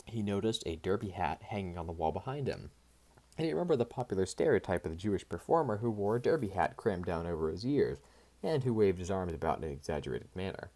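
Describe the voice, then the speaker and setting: A man reading a nonfiction audiobook aloud in a measured, expressive way. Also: deep voice. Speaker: audiobook reader. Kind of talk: scripted nonfiction audiobook narration.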